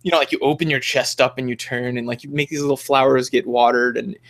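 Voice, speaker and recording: A man's voice: medium pitch, steady tone, fast talker, a bit bright. A young man co-hosting a podcast in casual chat, rambling with lots of fillers and restarts. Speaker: podcast co-host.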